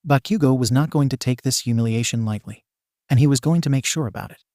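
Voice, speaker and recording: Sex: man. Role: story narrator. Style: scripted narration, wry and playful. Tone: dark, mellow. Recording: dry. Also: medium pitch, fast talker, no room sound.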